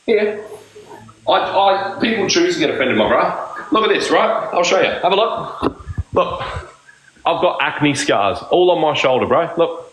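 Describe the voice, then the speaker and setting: A man's voice: on the high side, expressive, unhurried, a bit bright, echoey room, slight background noise, rough recording. A man ranting on a live stream, combative and swearing constantly. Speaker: livestream streamer. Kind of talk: heated live-stream argument.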